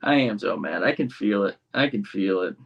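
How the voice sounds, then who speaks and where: Young male streamer, casual and restless, gravelly voice with a lively pitch. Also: moderate pace, highs cut off. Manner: frustrated, restless, talks straight to the chat. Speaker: livestream host. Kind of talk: casual livestream chat.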